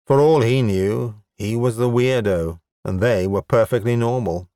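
A male audiobook narrator reading at an unhurried pace with a wry, even delivery. His voice sits close and dry, with no room sound around it. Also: medium pitch, dry recording. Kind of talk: scripted narration.

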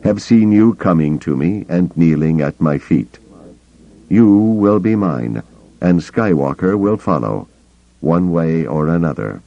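A man voicing a placid, menacing old male mystic in an audiobook, slow and commanding. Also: low-pitched, lively intonation, gravelly, mellow, no room sound, heavily acted. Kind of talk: audiobook character voice. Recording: dull lo-fi cassette tape.

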